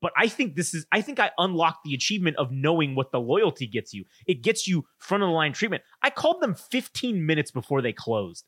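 A man's voice: fairly high pitch, sing-song, a little fast, few pauses, fairly bright tone, slightly rough, no echo, studio quality. A man in his thirties, a podcast co-host telling a profane, ranting story in casual chat.

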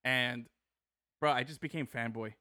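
A man co-hosting a casual sports chat, telling a game story in an animated way and laughing often. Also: mid-range voice, a little slow, dry recording, studio quality. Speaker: podcast co-host, sports photographer.

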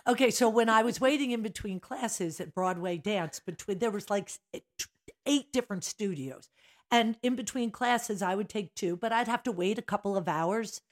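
A woman's voice: mid-range voice, moderate pace. An older woman, a dance studio owner, telling stories in a casual chat and acting out the scenes. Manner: animated, acts out scenes with big gestures. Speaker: guest, mother of the hosts.

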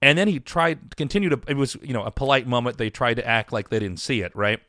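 A man's voice: medium pitch, quick pace, pushed and bright, no room sound, studio quality. A man telling a long personal story in casual chat, rambling with restarts and swearing.

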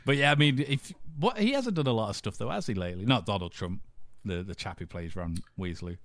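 A man's voice: fairly low pitch, lively intonation, brisk, a bit bright, no room sound. A man co-hosting a podcast, chatting casually about films, rambling, swearing now and then and laughing often. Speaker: podcast co-host. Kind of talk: casual chat.

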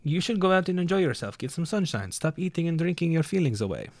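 A bossy, scolding young woman, as a man puts her on hands out firm advice in a voice pushed well above his usual pitch. She sounds caring but stern. The sound is close and dry. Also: big pitch swings, quick pace, darkish tone, no echo.

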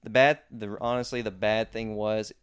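A man's voice: on the low side, moderate pace, clean tone. A man telling a rambling story in a casual chat among friends, full of fillers. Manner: rambling, filler-heavy, relaxed.

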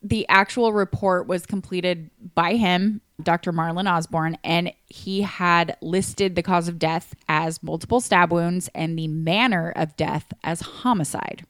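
A woman's voice: fairly low pitch, unhurried, hardly any pauses, fairly bright tone, no room sound, clean studio sound. A woman casually recounting a true crime case on a podcast, chatty, with lots of restarts and fillers. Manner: chatty, many likes and restarts. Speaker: podcast co-host.

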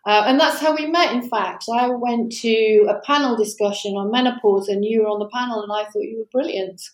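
A woman's voice: fairly high pitch, brisk, echoey room, low-quality recording. A woman interviewing a guest, mostly listening with brief affirmations and asking questions. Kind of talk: conversational interview.

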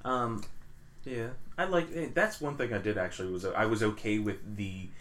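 A man's voice: lowish voice, moderate pace, a bit bright. A man chatting casually about a film, hesitant, trailing off and restarting often. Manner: hesitant, many fillers and restarts.

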